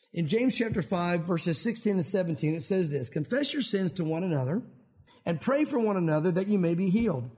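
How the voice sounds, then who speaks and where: High-voiced pastor preaching in church. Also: male voice. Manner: animated, acts out quotes from scripture. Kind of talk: sermon.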